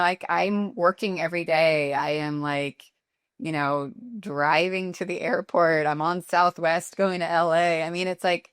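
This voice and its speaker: A woman's voice: sits low, fairly bright tone, clear, resonant tone, no room sound, clean studio sound. A middle-aged woman guest founder talking candidly in a casual interview, with lots of fillers. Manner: candid, chatty, many fillers. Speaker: guest, company founder and CEO.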